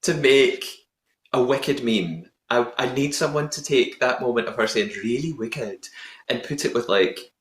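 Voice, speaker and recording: In a roomy, echoing space, a male podcast host casually recaps an episode with plenty of puns and playful chatter. His voice is mid-range and a bit bright, at a moderate pace.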